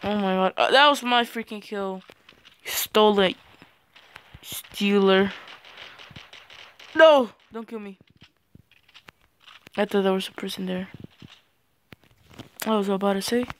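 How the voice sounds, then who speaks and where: High-voiced teen boy yelling through gameplay. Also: moderate pace, pauses often, a little hiss or hum. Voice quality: voice cracks on loud yells. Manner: excitable, yelps and shouts at the game, hesitant fillers in the outro. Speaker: gaming channel host. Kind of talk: gameplay commentary.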